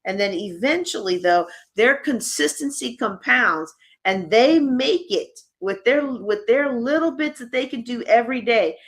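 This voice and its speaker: A woman presenting a live conference workshop, talking in a lively, conversational way straight to her audience. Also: fairly high pitch, a little slow.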